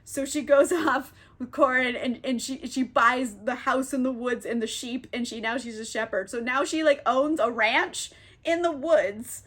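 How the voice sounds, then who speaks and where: A woman's voice: high-pitched, measured pace, a bit bright. A young woman recapping a play in a casual, comedic way, rambling in slang and giggling often. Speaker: book youtuber.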